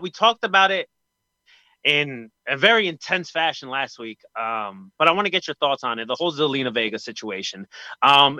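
A man hosting a casual wrestling podcast, talking in an animated way that swings between hyped and disgruntled. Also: a little high, dry recording, highs cut off. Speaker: podcast host.

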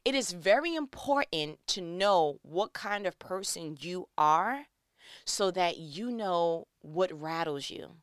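A woman's voice: on the low side, expressive, slow pace, smooth, dry recording, studio quality. A woman in her thirties giving a casual devotional talk, acting out little scenes in other voices.

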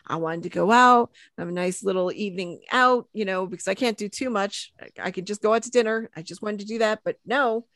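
A woman's voice: mid-range voice, a little fast, few pauses, a bit bright, no room sound, studio quality. A woman hosting a casual sports podcast, rambling and self-deprecating with lots of fillers. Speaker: podcast host.

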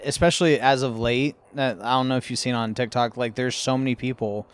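A man's voice: mid-range voice, steady tone, a little fast. A man co-hosting a podcast in casual chat, teasing his co-host and laughing often, with casual swearing.

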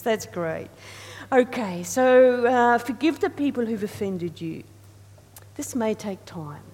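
A woman's voice: on the high side, lively intonation, a little slow. Woman preaching in a reverberant hall. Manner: earnest, repeats phrases, leads the congregation in responses. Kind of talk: sermon. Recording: reverberant hall with faint hum.

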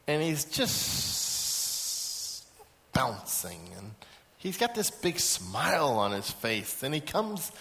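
A middle-aged man, a pastor, teaching a Bible lesson to a seated group, animated as he acts out little scenes and repeats his key points. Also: mid-range voice, big-room sound. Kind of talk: sermon to a live group. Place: large room with a seated audience.

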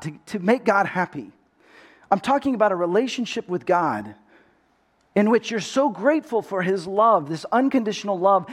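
A middle-aged man from Texas, a pastor, gives a sermon in a distinctly high voice. His storytelling is earnest, and he tends to repeat the first word of phrases as he goes along.

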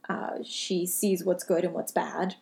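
A woman co-hosting a casual chat, thoughtful and measured, with the odd filler. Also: fairly low pitch, level tone, creaky, darkish tone. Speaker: podcast co-host.

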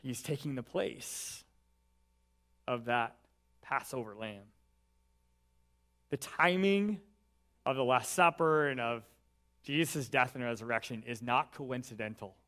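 A pastor preaching a sermon and reading scripture aloud, earnest and building emphasis, often dropping in "right" as an aside. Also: male voice, medium pitch, expressive, takes it slowly, pauses often, fairly bright tone.

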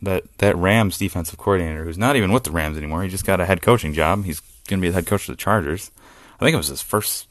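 A man hosting a solo sports podcast, talking excitedly and profanely and laughing often as he rants. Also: sits low, fast, dry recording. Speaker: podcast host.

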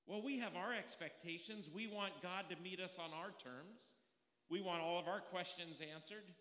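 A man preaching in an easy, storytelling way, asking his congregation questions as he goes. His voice sits high and rings bright. The sound carries a long, echoing church reverb. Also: normal speed. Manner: conversational storytelling, rhetorical questions. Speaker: pastor. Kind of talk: sermon. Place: church sanctuary. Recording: echoey hall with long reverb.

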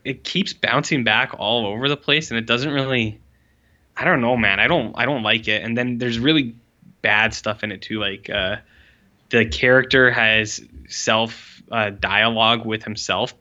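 A man's voice: mid-range voice, moderate pace, sharp tone, dull audio. A young man co-hosting a podcast in casual chat, rambling with lots of fillers and sounding exasperated. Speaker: podcast co-host.

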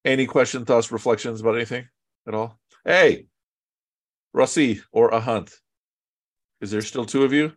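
A man teaching a casual online Quran class, relaxed and joking with chatty asides, over a video call. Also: mid-range voice, normal speed, long pauses.

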